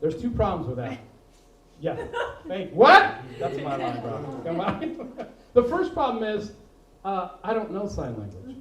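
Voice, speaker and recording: A man doing a stand-up comedy set as host, jokey and animated, laughing at his own lines before a live audience. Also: high voice, measured pace. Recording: echoey room, distant mic, crowd laughter.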